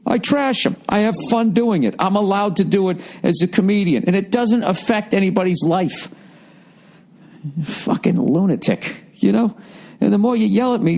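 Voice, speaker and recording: A man in his forties with a Boston accent, his voice worn hoarse, ranting through a profane podcast monologue as a comedian host. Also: fairly high pitch. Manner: profane, ranting, animated storytelling.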